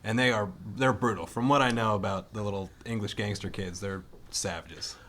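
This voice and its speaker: Low-voiced earnest man on a podcast. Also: steady tone, moderate pace, fairly bright tone. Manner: earnest, enthusiastic, slangy. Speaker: podcast co-host. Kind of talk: casual chat.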